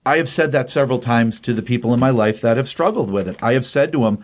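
An older man talks through a comic book story in a loose, rambling way, with plenty of fillers along the way. His voice sits at a middling pitch, and he sounds earnest and open about his feelings. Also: quick pace, hardly any pauses. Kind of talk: casual comic book review.

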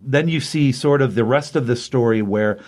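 Comic podcast co-host, a man, casual and animated. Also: medium pitch, moderate pace. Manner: animated retelling with acted quotes. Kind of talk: casual comic review chat.

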